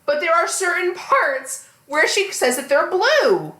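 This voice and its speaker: A woman co-hosting a casual book podcast, animated and swearing freely as she rants about a novel. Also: extremely high pitch, measured pace. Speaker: podcast co-host. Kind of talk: casual book club chat. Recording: roomy echoey room.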